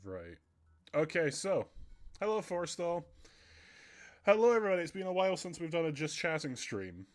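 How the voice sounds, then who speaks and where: A young man livestreams from home, chatting casually and ramblingly with viewers and laughing often while his nose runs. His voice is a little high with big pitch swings at a moderate pace, and faint music plays in the background.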